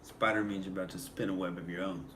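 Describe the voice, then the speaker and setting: A man's voice: deep voice, level tone, quick pace, a bit bright. A man hosting a comedy podcast, joking in a casual chat and laughing often. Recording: echoey room, faint hiss.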